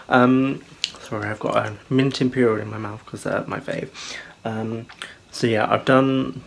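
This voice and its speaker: A man's voice: on the low side, fairly even intonation, unhurried, gravelly. A man from England chatting through a rambling home vlog, filmed up close on a phone in a small home. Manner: chatty, rambling, with fillers and apologies. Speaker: vlogger. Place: small home, kitchen and bedroom. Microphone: handheld phone camera, filming up close.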